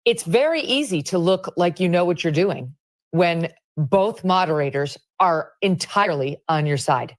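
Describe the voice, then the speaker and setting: A woman's voice: on the low side, animated, normal speed. A woman giving indignant, emphatic opinion commentary on a news broadcast. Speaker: political commentator.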